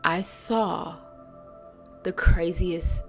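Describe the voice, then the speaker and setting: A woman with a low, gravelly voice speaks a spiritual monologue bluntly and earnestly. She leans hard on slow words and sometimes sinks to a whisper. Soft music plays faintly beneath her. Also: fairly even intonation. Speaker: spiritual channel host.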